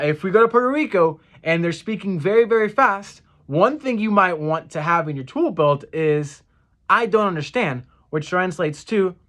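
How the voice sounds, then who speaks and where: Man, casual phrase lesson, slightly high voice, slow repetition, self-corrections and "uh"s. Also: fairly bright tone. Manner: repeats phrases slowly, self-correcting with fillers. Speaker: Spanish phrase teacher.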